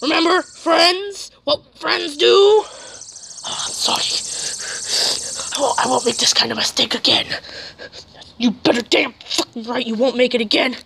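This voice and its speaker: High, gravelly woman acting out a drama. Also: unhurried, pauses often, a little hiss or hum. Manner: swings between shouted curses and hushed whispers. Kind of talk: homemade zombie drama, voicing every character.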